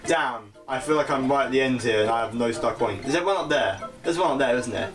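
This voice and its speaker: A young British man chatting casually as he plays a video game, self-mocking and quick to laugh at his own slips. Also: mid-range voice. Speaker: gaming channel host. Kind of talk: casual let's-play commentary. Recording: game music playing behind the voice.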